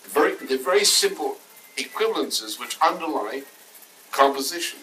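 Male lecturer, rambling and digressive, bright edgy voice. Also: on the high side, animated, moderate pace, slight background noise, rough recording. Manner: rambling, jumps between half-finished thoughts. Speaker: speaker in a recorded talk. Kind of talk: loose spoken lecture.

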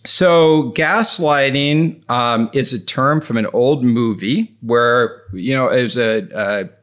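A man speaking as an expert guest in a podcast interview, animated, acting out quotes and laughing often. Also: mid-range voice, slow pace.

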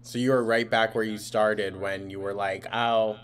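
A man's voice: lowish voice, steady tone, moderate pace, smooth. A man hosting a live stream, giving blunt, mocking reaction commentary and swearing freely.

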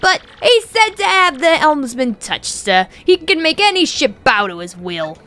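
A woman voicing a rough-talking male pirate sailor, a loyal deckhand, in a video game playthrough. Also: high voice, sing-song, measured pace, pushed and bright, pitched above the performer's own voice, exaggerated voice. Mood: eager.

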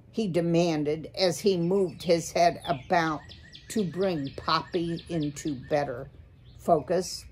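A woman slowly reading a children's chapter book aloud to listeners. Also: fairly low pitch, a little mellow, slight background noise. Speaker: storyteller.

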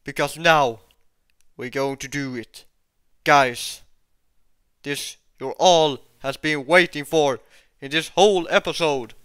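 Channel host doing gameplay commentary, excitable and addressing viewers, clean voice in a dry close recording. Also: medium pitch, slow pace, pauses often, clean tone, no room sound. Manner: excitable, repeats exclamations, talks to viewers.

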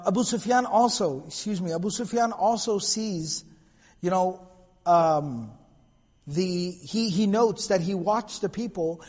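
Lecturer, man, higher voice, husky tone, storytelling style, hall reverb. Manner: storytelling with Arabic quotes, casual asides. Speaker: lecturer on prophetic biography. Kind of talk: recorded lecture.

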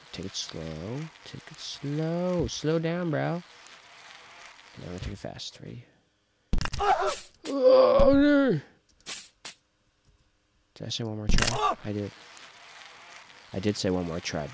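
A man's voice: sits low, vocal fry, noisy background. A young man giving casual let's-play commentary, talking to himself, frustrated and joking as he plays. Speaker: gaming video host.

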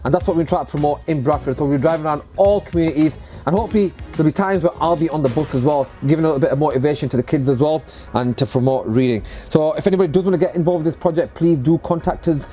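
Fast-talking upbeat man vlogger. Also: fairly high pitch, mellow, soft background music. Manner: upbeat, chatty, quick-talking. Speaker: vlogger and bus converter. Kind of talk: casual vlog talk to camera. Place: outdoors beside a bus.

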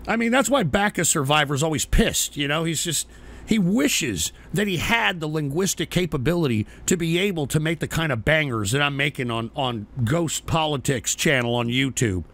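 A man's voice: on the high side, expressive, normal speed, creaky, fairly bright tone. A man hosting a call-in show, swearing and ranting at trolls while taking shots on air. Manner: rowdy, swearing, mock-rants at trolls. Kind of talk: profane call-in show banter.

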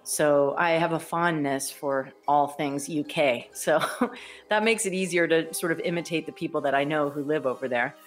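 A woman's voice: low voice, normal speed, faint music behind. A woman voice actor chatting enthusiastically as a podcast guest, laughing often. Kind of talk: casual podcast interview.

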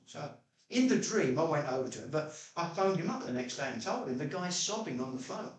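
Male pastor, chatty sermon delivery, slightly high voice, recorded off-mic in a reverberant church. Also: big pitch swings, a little fast. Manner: chatty storytelling preacher, jumps to high pitch when quoting himself. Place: church hall. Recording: echoey church room, mic at a distance.

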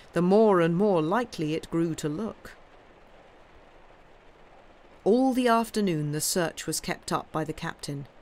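A woman reading a classic story aloud on a live stream, with steady, expressive narration. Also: lowish voice. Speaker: reader of classic stories.

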